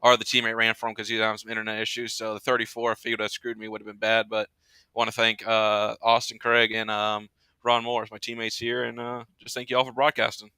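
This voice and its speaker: A male race winner in a post-race interview, quickly thanking his teammates over a headset. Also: on the low side, completely flat delivery, pushed and bright, clear, resonant tone, no room sound, rough recording. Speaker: winning driver.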